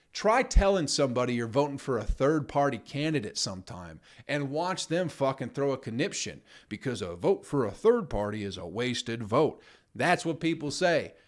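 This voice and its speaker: A man hosting his own podcast, ranting with heavy swearing and mocking put-on voices of other people. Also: medium pitch. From United States. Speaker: podcast host. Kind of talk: profane comedic rant.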